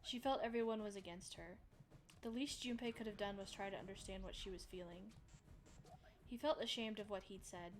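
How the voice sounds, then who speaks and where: A young woman streamer reading a visual novel aloud and breaking off into chatty, animated asides. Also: mid-range voice, a little fast, slight background noise. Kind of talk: narration mixed with casual chat.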